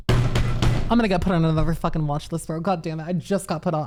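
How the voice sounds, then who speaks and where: A woman's voice: deep voice, steady tone, fairly quick, dark tone. Giggly, foul-mouthed woman streamer. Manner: giggly and profane, reads chat aloud. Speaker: live streamer. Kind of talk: casual stream chat.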